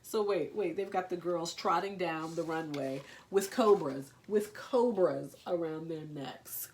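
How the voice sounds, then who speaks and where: A woman's voice: lowish voice, unhurried, a little mellow, slight background noise. A woman with a nasal voice reading a picture book aloud and breaking off for playful, gushing asides. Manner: playful, gushing asides between read lines.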